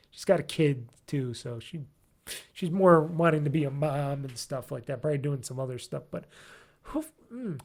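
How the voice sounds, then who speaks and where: A man hosting a gaming podcast alone, chatting casually and rambling with lots of ums and curse words as he searches for names. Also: on the high side. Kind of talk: casual solo podcast chat.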